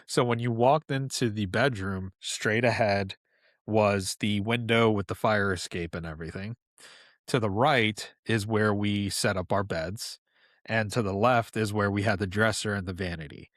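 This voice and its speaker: Man, thirties, from New York, podcast guest, low-pitched, casual storytelling, dry close recording. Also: moderate pace, dry recording. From New York, USA. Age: 30s. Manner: relaxed, conversational, drifts into asides.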